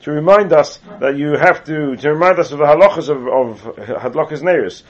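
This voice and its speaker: In this muffled lo-fi clip, an English man teaches Torah in a Talmudic lecture style, reading Hebrew passages and then explaining them in English with occasional asides. His voice is fairly high-pitched and his pace fairly quick.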